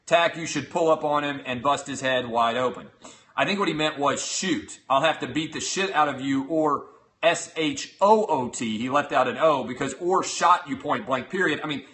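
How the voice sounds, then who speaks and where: A man's voice: a little high, pushed and bright. A man hosting a show, reading out hostile messages aloud with sarcastic, profane mockery. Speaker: host. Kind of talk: reading out hate tweets.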